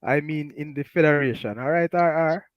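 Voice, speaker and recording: Jamaican male host, brighter voice, chatty, laughs a lot, dry sound. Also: a little high, moderate pace, no echo, lo-fi sound. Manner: laughs often, animated, Patois-flavored. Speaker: talk show host. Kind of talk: casual live-stream chat, reading comments.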